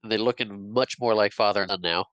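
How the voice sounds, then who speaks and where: Low smooth-voiced man, podcast chat. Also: fairly even intonation, a bit bright, dry recording, dull audio. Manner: laughs often, with halting restarts. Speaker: podcast co-host. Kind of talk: casual chat about a film.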